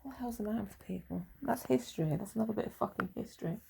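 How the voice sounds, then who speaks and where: A woman's voice: mid-range voice, very fast, creaky, heavy background noise. A woman, talking in a blunt, sweary, rambling way with muttered asides. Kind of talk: rambling casual monologue.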